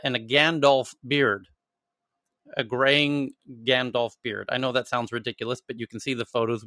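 Male host, bright forceful voice, bone-dry sound, animated storyteller. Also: medium pitch, no echo. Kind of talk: casual live audio chat.

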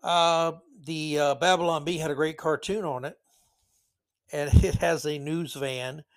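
A man's voice: a little high, fairly even intonation, a little slow, dry recording. A man hosting a podcast, giving sarcastic, rambling opinion commentary. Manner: sarcastic, rambling, self-correcting. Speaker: podcast host.

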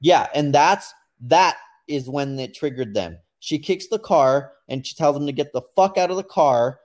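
Animated man telling a story. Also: on the high side, moderate pace. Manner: animated storytelling, acts out quotes. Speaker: podcast co-host. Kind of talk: casual commentary chat.

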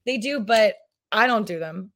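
A woman's voice: mid-range voice, expressive, normal speed, a bit bright. A woman in her thirties, a podcast guest in casual chat, rambling and restarting her sentences, often breaking into laughs.

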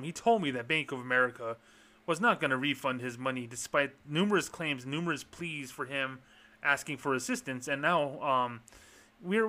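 A man putting on the voice of a polished male TV news reporter with a smooth, formal delivery. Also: medium pitch, bright, forceful tone.

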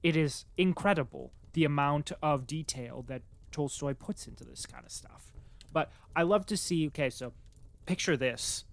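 A man narrating a classic novel aloud and then chatting enthusiastically about the story. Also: medium pitch. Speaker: audiobook reader and book commentator. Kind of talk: literary narration then casual commentary.

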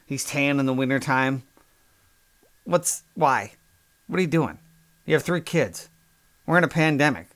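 A man's voice: fairly high pitch, fairly bright tone. A man hosting a podcast, ranting in a sarcastic, crude, exasperated comedic monologue. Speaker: podcast host.

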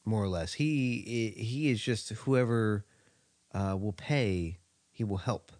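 A man's voice: fairly low pitch, takes it slowly, darkish tone, no echo. Laid-back man chatting about a movie. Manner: laid-back, rambling, profane, with small laughs. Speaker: podcast co-host. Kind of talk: casual film discussion.

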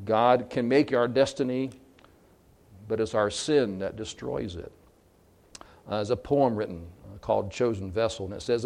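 A man's voice: fairly low pitch, moderate pace, vocal fry, darkish tone. A man preaching a sermon in an earnest way, with some fillers and restarts. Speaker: pastor.

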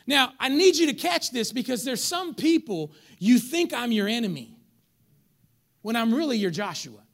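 A man's voice: extremely high pitch, moderate pace, creaky. A man preaching a sermon as pastor in a church, joking with the crowd and acting out his listeners. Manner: animated preacher, acts out congregants, jokes with crowd. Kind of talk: lively sermon.

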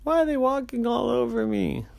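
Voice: medium pitch, big pitch swings, moderate pace, creaky, darkish tone, pitched above the performer's own voice. A storyteller voicing a whiny carrot that complains in a storybook tale. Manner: whining complaint.

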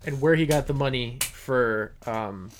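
A man's voice: mid-range voice, unhurried, slight background noise. A man hosting a podcast in casual chat, telling stories in a rambling way with restarts. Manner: rambling storyteller with many restarts. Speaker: podcast host.

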